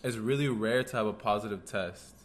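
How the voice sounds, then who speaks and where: A young man with a somewhat low voice tells a personal story in loose, casual podcast chat. He rambles a bit and fills his pauses with "um" and "like", and a faint hum of room ambience sits behind him. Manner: laid-back storytelling with frequent fillers. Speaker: podcast co-host.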